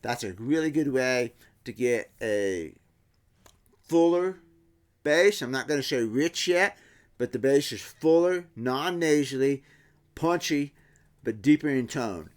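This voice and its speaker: A middle-aged man talks through guitar tap tones in a relaxed workshop manner. He imitates the sounds with his own voice and often backs up to restart a sentence. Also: medium pitch, takes it slowly, pauses often. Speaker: guitar builder. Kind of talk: casual workshop explanation.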